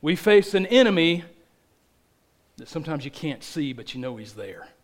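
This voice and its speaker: A man with a thick Southern accent preaching a sermon as a pastor, telling stories with animated emphasis. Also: fairly high pitch, moderate pace.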